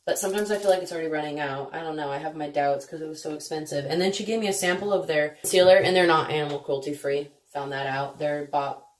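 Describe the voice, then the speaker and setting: A low-pitched woman talks casually through her makeup routine as a beauty vlogger. She is chatty and self-deprecating, breaking into sudden exclamations. The room around her adds a clear echo. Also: quick pace, hardly any pauses, a little hiss or hum. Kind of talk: casual makeup tutorial chat. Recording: echoey room.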